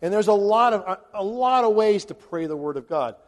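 A man's voice: sits high, expressive, brisk. A man preaching a conversational sermon to a large congregation, chuckling now and then between points. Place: large hall before a congregation. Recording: long hall reverb.

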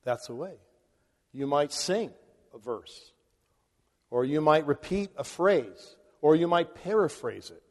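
A man's voice: on the high side, animated, takes it slowly, long pauses. A man preaching a conversational sermon to a large congregation, chuckling now and then between points. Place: large hall before a congregation. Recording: long hall reverb.

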